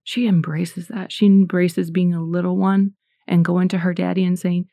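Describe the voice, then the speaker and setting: A woman's voice: fairly low pitch, little pitch movement, moderate pace, vocal fry, dark tone, no echo. A middle-aged woman from the United States giving a casual, earnest faith talk, chatty and full of fillers. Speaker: Christian speaker.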